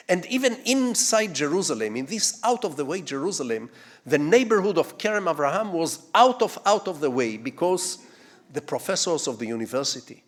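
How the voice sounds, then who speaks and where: An older man with an Israeli accent delivers a storytelling lecture at a middle pitch. He wanders into digressions and asks the audience rhetorical questions. He moves from hushed asides to big, swelling phrases. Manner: digressive, with rhetorical questions and sweeping dramatic shifts in loudness. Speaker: guest lecturer.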